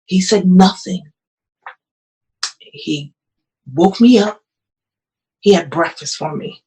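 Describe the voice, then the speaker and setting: A woman's voice: on the low side, slow, mellow, rough recording. A woman pastor telling her own story as a podcast guest, earnest and emotional, often repeating phrases. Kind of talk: personal testimony in an interview.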